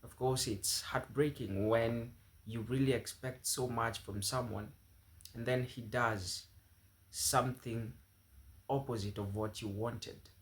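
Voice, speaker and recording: A man's voice: medium pitch, steady tone, slow. A man hosting a commentary channel, talking earnestly to his viewers. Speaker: channel host. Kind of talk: commentary to camera.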